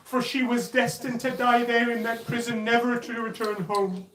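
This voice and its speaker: In a mosque hall, a majlis speaker tells children a sad religious story, his mournful, dramatic narration building to anguished cries. His voice is very high and a bit bright, with level tone at normal speed. The hall is echoey, the mic distant, and slight background noise is present.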